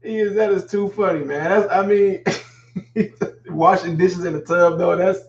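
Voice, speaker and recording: A middle-aged man hosting a live call-in show, telling stories with animated acted-out scenes. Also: sits high, a little slow. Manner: animated storyteller, acts out scenes. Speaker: host. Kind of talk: casual live call-in talk. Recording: echoey, dull lo-fi sound.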